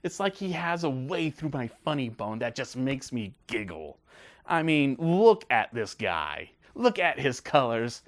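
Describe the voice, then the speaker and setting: A man hosting a casual film review video, talking in a gushing, excited way. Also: mid-range voice, a little slow.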